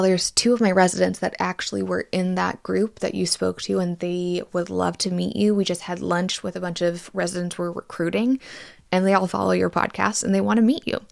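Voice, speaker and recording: A woman's voice: fairly low pitch, gravelly. A woman in her thirties hosting a podcast, candidly talking through a personal update and swearing freely. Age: 30s. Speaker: podcast host. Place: Austin, Texas.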